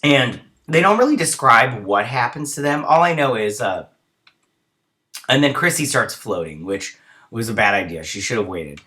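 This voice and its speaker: A man talks through a TV episode in a loose, rambling recap. He briefly acts out the characters in quick voices as he goes. His voice is bright and forward, with a medium pitch. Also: expressive. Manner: chatty with lots of fillers like "he's like". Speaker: show host reviewing a TV episode. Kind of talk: casual spoken episode recap.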